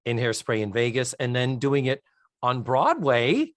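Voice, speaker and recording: A man co-hosting a podcast, asking a guest casual questions and reacting with quick exclamations. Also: mid-range voice, very animated, dry recording. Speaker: podcast co-host.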